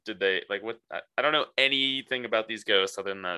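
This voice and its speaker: A man guesting on a podcast talks casually and haltingly, restarting his sentences as he goes. His voice is bright and tense, recorded dry and close. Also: lowish voice, smooth, no echo. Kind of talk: casual chat.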